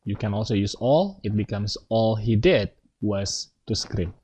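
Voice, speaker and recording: A man's voice: fairly low pitch, lively intonation, unhurried, a little mellow, husky, poor audio. A man teaching an English grammar lesson, explaining step by step and checking in with his students.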